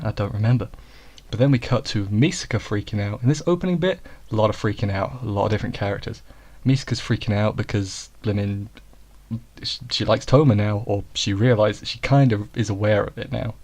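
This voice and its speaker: A lowish-voiced man talks through an episode recap in a loose, casual way. He wanders off on jokey asides and corrects himself mid-sentence, never quite scripted. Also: fairly even intonation, brisk, a little mellow. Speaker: anime reviewer.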